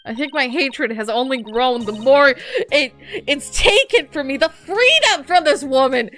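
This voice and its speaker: A woman's voice: high voice, expressive, measured pace, a bit bright, soft background music. A woman giving casual let's-play commentary, ranting in exasperation and laughing often.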